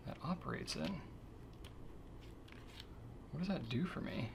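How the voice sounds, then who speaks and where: A man hosting a pen shop question-and-answer show, talking casually and easygoing, thinking out loud as he handles a pen. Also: a little high, expressive, a little slow, creaky, noisy background. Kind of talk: casual chat.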